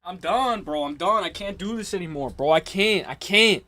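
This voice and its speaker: A man's voice: sits high, expressive, normal speed, pushed and bright. A young man hosting a casual livestream, talking loosely with lots of swearing and exasperated, mocking asides to his chat. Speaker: livestream host.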